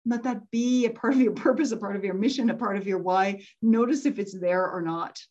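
A middle-aged woman giving a motivational talk to a group, chatty and animated, laughing often as she tells stories. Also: medium pitch, brisk. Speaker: speaker teaching a group. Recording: dull lo-fi recording.

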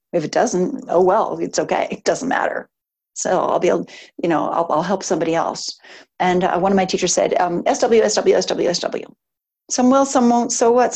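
A woman's voice: lowish voice, gravelly, darkish tone. A woman business coach leading a live group session, encouraging and emphatic, walking through numbered steps with fillers and light laughs.

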